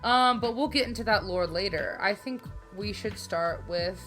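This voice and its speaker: A woman's voice: mid-range voice, moderate pace, fairly bright tone, faint music behind. A woman co-hosting a casual podcast, chatting in a giggly, playful, self-mocking way. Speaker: podcast co-host.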